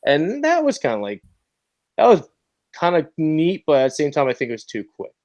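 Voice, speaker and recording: A man's voice: fairly high pitch, wildly swooping pitch, fairly quick, darkish tone. A man on a casual podcast, recapping a film in a rambling, hesitant way full of fillers.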